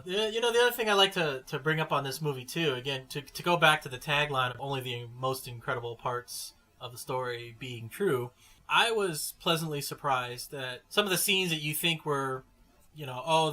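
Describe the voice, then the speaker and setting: A man's voice: medium pitch, a little fast, sharp tone. A man co-hosting a casual movie review podcast, chatty and often restarting his words. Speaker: podcast co-host.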